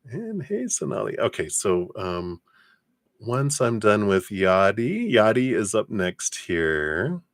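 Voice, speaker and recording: Male tarot reader, very low voice, dry close sound, easygoing chatty delivery. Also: slow, no echo. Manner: relaxed, chatty, many fillers. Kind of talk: live-stream tarot reading.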